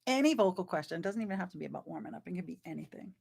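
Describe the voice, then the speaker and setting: A woman's voice: on the low side, animated, racing, vocal fry, darkish tone, breathy edge. A woman vocal coach teaching a live online singing class in a chatty, encouraging way, breaking off to sing short demonstration sounds.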